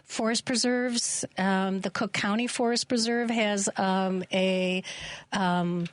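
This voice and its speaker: A woman's voice: mid-range voice, fairly even intonation, slow, no room sound. Lady guest on a radio show, earnest, keeps saying um, dry studio sound. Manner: earnest, hesitant with many ums. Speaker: guest, forest therapy guide. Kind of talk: radio interview.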